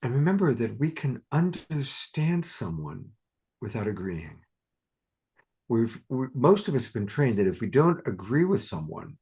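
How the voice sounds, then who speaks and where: Husky-voiced woman host, spiritual talk, tells stories with lots of life. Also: very deep voice. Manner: animated storytelling, acting out a child's fear. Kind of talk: spiritual conversation.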